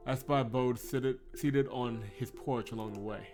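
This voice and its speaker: Guy reading a visual novel on stream, mid-pitched, keeps chuckling and fixing his own slips, quiet music in the back. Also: steady tone, a little slow. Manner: chuckles often, breaks off into playful commentary; stumbles and self-corrects on words. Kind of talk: dramatic read-through with casual asides.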